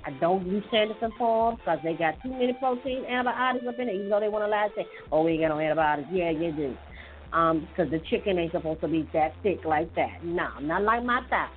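A woman hosting a casual tips show, chatting loosely with many fillers and restarts. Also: lowish voice. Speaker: host giving health tips. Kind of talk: casual chat. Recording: tinny phone-like audio with faint music.

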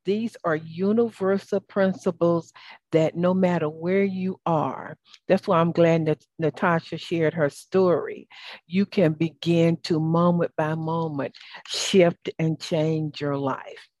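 Southern woman host, encouraging and effusive, low register, close dry sound. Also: steady tone, takes it slowly, no echo. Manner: warm, affirming, churchy phrasing. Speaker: podcast host. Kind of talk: interview.

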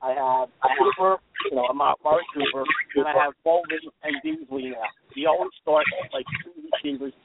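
A man calls in to a radio show with a slightly high, gravelly voice. He rambles through his lineup as he asks his questions. The line sounds tinny and phone-like, with loud noise behind it. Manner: rambling, lists his roster quickly. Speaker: call-in listener. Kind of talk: casual call-in question.

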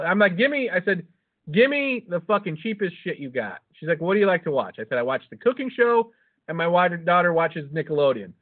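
High-voiced, profane storytelling man. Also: sing-song, a little fast. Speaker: podcast host. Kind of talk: casual podcast banter. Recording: tinny phone-like sound.

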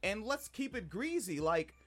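Animated, swearing podcast storyteller. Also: mid-range voice, unhurried, faint music behind. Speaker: podcast co-host. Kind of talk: casual podcast chat.

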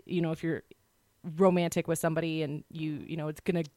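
A woman's voice: sits low, little pitch movement, fast talker, a little mellow, dry recording, clean studio sound. A woman co-hosting a podcast in casual chat, talking in a chatty, rambling way. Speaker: podcast co-host.

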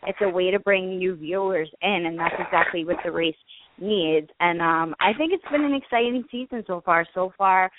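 A woman from Staten Island with a New York accent, a guest on a call-in interview, upbeat and quick. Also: lowish voice, very noisy. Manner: quick, upbeat, laughs often. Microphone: phone. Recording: tinny phone line.

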